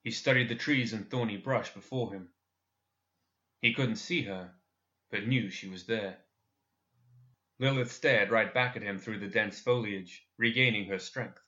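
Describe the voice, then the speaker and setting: A man narrating a dark fantasy story in a measured, expressive audiobook style. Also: fairly low pitch, muffled recording.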